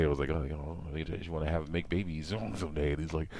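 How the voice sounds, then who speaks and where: A man's voice: extremely low pitch, fairly even intonation, quick pace, creaky, few pauses, a little mellow, dry recording. A man talking casually while working with his hands, rambling and padding his talk with hums of "mm" and "you know", often acting out his own remarks.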